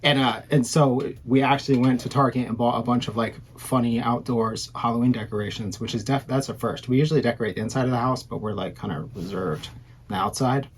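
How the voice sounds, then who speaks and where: A man's voice: mid-range voice, steady tone, brisk, a little hiss or hum. A man in his thirties co-hosting a casual podcast, rambling and self-deprecating, often trailing off mid-sentence. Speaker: podcast co-host. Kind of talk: casual chat.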